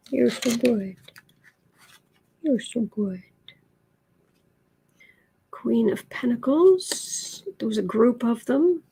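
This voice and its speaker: Woman, tarot livestream host, fairly high voice, gravelly fry, soft whispered asides, unhurried chatty delivery. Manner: drifts into soft whispered baby talk. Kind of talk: casual livestream commentary.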